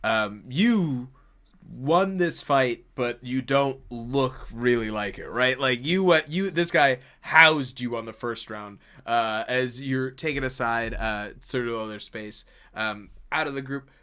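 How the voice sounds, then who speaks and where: A man runs a tabletop game session, narrating scenes in an energetic, rambling way packed with fillers. His voice is bright and forceful, at a middle pitch. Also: takes it slowly. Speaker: game master. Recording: online stream.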